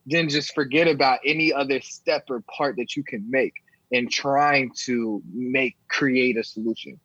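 A man co-hosting a podcast, steering the talk in a measured way and often repeating words as he starts. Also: mid-range voice, steady tone, a bit bright, breathy edge, dry recording. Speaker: podcast co-host. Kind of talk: podcast discussion. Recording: dry, dull sound.

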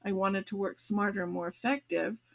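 A woman's voice: medium pitch, steady tone, brisk, gravelly. An older woman hosting a podcast, talking in a chatty, rambling way with fillers and restarts. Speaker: podcast host. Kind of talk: casual chat.

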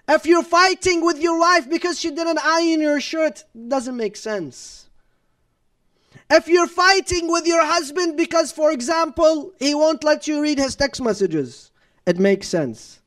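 A man giving a sermon in a strikingly high voice. He keeps it conversational, asks the audience rhetorical questions and repeats "no, no, no" to press a point, with Arabic religious terms mixed in. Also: animated, a little slow, fairly bright tone. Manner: repeats "no, no, no" for emphasis. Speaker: Islamic preacher. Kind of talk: sermon lecture.

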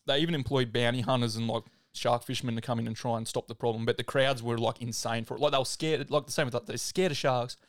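An Australian man hosting a podcast, retelling a true story in a relaxed way, full of "like". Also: medium pitch, quick pace, hardly any pauses, dry recording, clean studio sound. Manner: relaxed, filler-heavy retelling with "like". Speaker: podcast host. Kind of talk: casual storytelling.

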